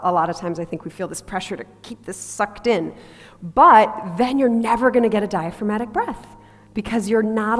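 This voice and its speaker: Voice coach woman in a big echoey hall. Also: mid-range voice. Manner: demonstrates breathing sounds, asks the group to try. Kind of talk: workshop teaching to a group. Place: large hall with a live group.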